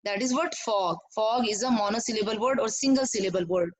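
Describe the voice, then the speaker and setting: A woman teaching an online class to young pupils, slowly repeating words and clapping out syllables. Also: mid-range voice, rough recording. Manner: slow, repetitive, clapping out syllables.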